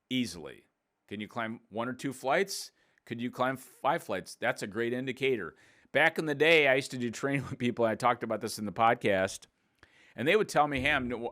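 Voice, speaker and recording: A fitness coach and podcast host in his sixties explains exercises in a casual, upbeat, plain-spoken manner. His voice is mid-range and a bit bright.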